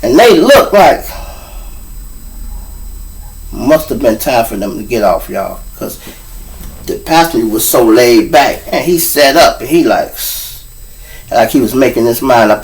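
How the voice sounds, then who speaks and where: A middle-aged man from Chicago with a Chicago accent, hosting a show and telling street stories in a casual, animated way, acting out the people in them. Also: mid-range voice, a little slow, long pauses, poor audio. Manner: animated, acts out voices of people in his stories. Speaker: storyteller host.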